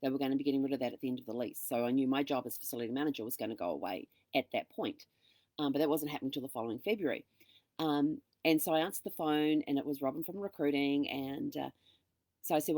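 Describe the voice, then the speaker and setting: A middle-aged woman hosting a show, telling a personal story in a casual monologue and acting out the dialogue with lively energy. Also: extremely low pitch, fast talker, dry recording. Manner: animated, acts out quoted dialogue. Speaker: host.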